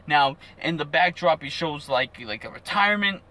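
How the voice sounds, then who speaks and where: Young male recapper, bright forceful voice, excitable and jokey, lots of fillers. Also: on the high side, moderate pace. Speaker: wrestling show reviewer. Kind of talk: casual recap.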